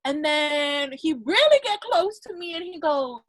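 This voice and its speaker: A woman's voice: sits high, animated, a little slow, dry recording. A woman in her twenties, a podcast host, chatting casually and telling stories with lots of fillers. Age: 20s. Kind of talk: casual chat.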